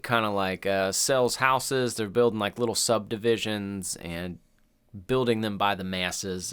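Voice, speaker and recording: A man's voice: fairly low pitch, a bit bright, clear, resonant tone. Profane, rambling podcast guy. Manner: loose, profane, rambling retelling with quoted voices. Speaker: podcast co-host. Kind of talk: casual chat.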